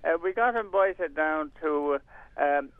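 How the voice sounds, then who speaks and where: A man's voice: on the high side, slow, no room sound. Older man, rambling, over a phone line. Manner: rambling, hesitant, many fillers and restarts. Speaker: community radio volunteer and presenter. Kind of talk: casual radio interview. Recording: tinny phone-line sound, dry.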